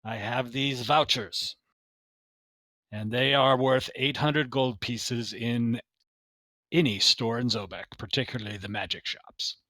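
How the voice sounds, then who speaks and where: A man voicing a short, fussy male quartermaster who talks in a brisk, chipper way and says "ye". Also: medium pitch, steady tone, sharp tone, no room sound.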